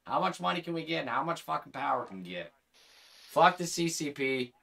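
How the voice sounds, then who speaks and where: A man with a bright, forceful voice and a slightly high pitch hosts a gaming livestream. He talks casually into a headset, swearing freely and working himself into heated rants. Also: big pitch swings, a little fast, creaky. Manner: profane, heated ranting.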